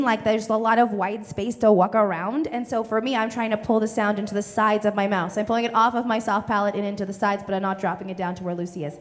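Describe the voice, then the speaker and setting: Breathy transatlantic-accented woman on stage. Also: fast talker, few pauses. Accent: cartoonish transatlantic stage accent. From Canada. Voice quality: breathy, low in the mouth, chest voice. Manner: animated explaining, many filler "like"s. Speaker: comedian in character. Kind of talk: stage Q&A with audience. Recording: reverberant theater hall.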